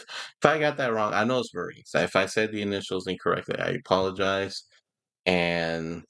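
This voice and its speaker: A man's voice: low voice, creaky, fairly bright tone. A man reviewing a TV show in a casual, rambling way, often laughing and getting emotional. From Houston, Texas. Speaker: movie and TV reviewer.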